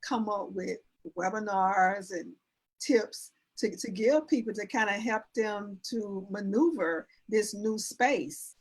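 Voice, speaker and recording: A woman's voice: medium pitch, takes it slowly, husky. A woman, an etiquette and image consultant, talking in a casual interview, earnestly explaining with everyday examples. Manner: explains with everyday examples and demonstrates sentence endings; earnest, instructive, with frequent restarts.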